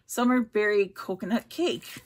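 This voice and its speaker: A middle-aged woman with a medium-pitched, slightly slow voice unboxes beauty products as a vlogger, chatting casually. She reads labels aloud, stumbles over ingredient names, and has the hiccups.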